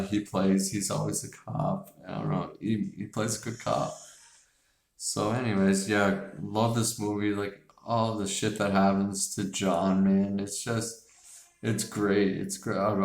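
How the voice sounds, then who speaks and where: A man's voice: sits low, a little mellow. A man hosting a casual chat about favorite movies, rambling with lots of fillers, restarts and casual swearing. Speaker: host. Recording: echoey room.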